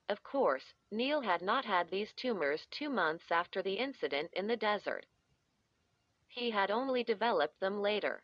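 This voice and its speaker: A woman narrating a horror audiobook in a measured, even reading voice. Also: medium pitch, no room sound, highs cut off.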